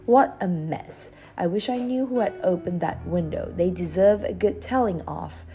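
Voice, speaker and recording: A woman voicing a brisk nursery nanny in a storybook reading, with a scolding manner. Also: high voice, huge pitch swings, mellow, faint music behind, voice pushed up, heavily acted. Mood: cross.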